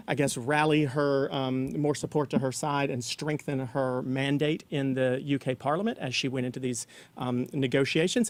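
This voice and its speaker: A man's voice: a little high, dry recording. A man co-hosting a casual weekly news talk show, explaining at length with fillers. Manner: chatty, explanatory, many fillers. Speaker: co-host.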